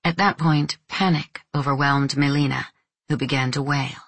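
A woman reading a novel aloud as an audiobook narrator, in a measured, even storytelling manner. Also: very deep voice, breathy edge, no echo.

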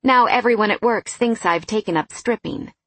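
A woman voicing a reserved, awkward young woman who answers in short, plain words, in a storybook read with a husky voice. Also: a little high, moderate pace, a bit bright. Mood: reserved, terse. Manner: terse, plain-spoken.

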